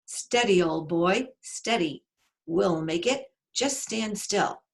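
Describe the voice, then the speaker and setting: Woman voicing a young boy, storybook adventurer, calm, friendly, polite, slightly creaky voice. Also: fairly low pitch, takes it slowly, exaggerated voice. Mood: reassuring.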